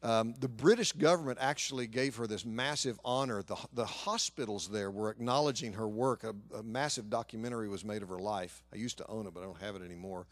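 Male pastor, low voice, earnest storytelling sermon, dry close sound. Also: a little fast, hardly any pauses, no echo.

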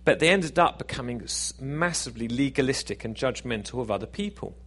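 A man's voice: mid-range voice, expressive, fairly quick, fairly bright tone, slightly rough. A man preaching a sermon in a conversational, self-deprecating, jokey way.

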